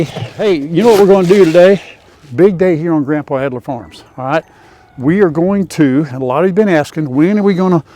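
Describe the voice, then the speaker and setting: A man's voice: on the high side, dark tone. An older man hosting a farm vlog outdoors by a chicken coop, chatting in a folksy way and talking to his chickens. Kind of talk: casual farm vlog chat. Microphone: lapel mic.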